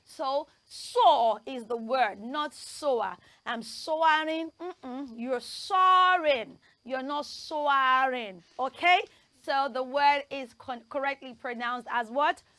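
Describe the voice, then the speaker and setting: A woman presenting a children's pronunciation lesson, spelling words out letter by letter and leading lively call-and-response drills. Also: sits high, slow pace, dry recording.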